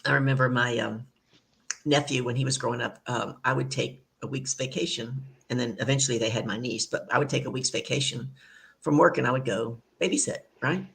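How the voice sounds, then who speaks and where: A woman hosting an online talk show, telling a family story in a lively, chatty way, with many asides, over a video call. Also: a bass voice, fairly quick, vocal fry. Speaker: show host. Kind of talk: conversational storytelling.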